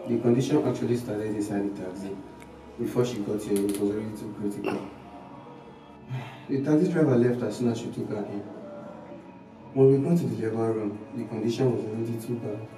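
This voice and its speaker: Guy playing a calm doctor, low voice, far echoey room, music under. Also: a little fast, long pauses, close to an everyday voice. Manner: calm, explaining. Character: calm sympathetic palace doctor.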